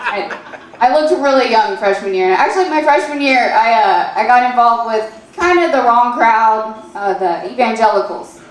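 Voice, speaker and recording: Halting deadpan woman comic in her twenties. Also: fairly high pitch. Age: 20s. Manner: halting, filler-heavy deadpan delivery. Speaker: stand-up comedian. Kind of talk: stand-up comedy set. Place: comedy club stage. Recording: echoey club room.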